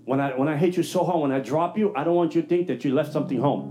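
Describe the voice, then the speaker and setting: A man preaching a testimony sermon, telling his story in an animated way and acting out his own dialogue. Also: fairly high pitch, fast, faint music behind. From New York.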